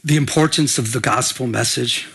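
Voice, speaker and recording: A man's voice: medium pitch, moderate pace, gravelly, fairly bright tone, breathy edge. An older man preaching a sermon as pastor, in a conversational way, calling for amens and often restarting his sentences. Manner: conversational, repeats and restarts, asks the room for amens.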